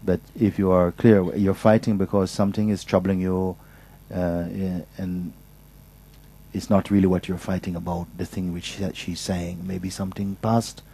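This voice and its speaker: A man speaking as a spiritual teacher, patiently and softly giving advice at a gathering, often restarting his sentences. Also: sits low, flat delivery, moderate pace, vocal fry, breathy edge, rough recording. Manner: patient, soft-spoken, with frequent restarts. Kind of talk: gentle advice in a question session.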